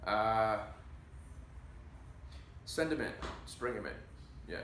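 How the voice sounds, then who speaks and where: A man playing an offbeat casting director who gives halting, filler-heavy directions. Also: lowish voice, lively intonation. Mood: offhand. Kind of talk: comedy sketch acting. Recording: echoey room, faint hiss.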